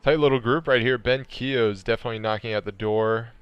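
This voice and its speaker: Dude commentating a sim race, smooth clear voice, jokes around a lot. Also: male voice, mid-range voice, steady tone, fairly quick, muffled recording. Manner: joking, laughs often, jokey put-on accents. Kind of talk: casual esports race commentary.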